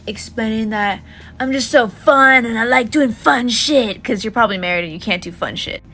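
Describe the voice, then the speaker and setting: A woman's voice: on the high side, a bit bright. Woman mocking and sneering, sometimes whispery, faint music. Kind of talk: mocking monologue.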